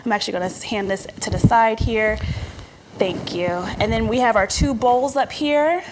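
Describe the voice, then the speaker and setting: A woman's voice: a little high, moderate pace, noisy background. Chatty woman chef demonstrating recipes. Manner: explains step by step, chatty. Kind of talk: cooking demonstration.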